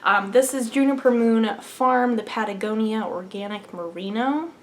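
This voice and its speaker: On her knitting podcast, a young woman chats casually and raves about yarn, now and then dropping to a whisper. She speaks at normal speed in a higher-pitched voice, with slight background noise.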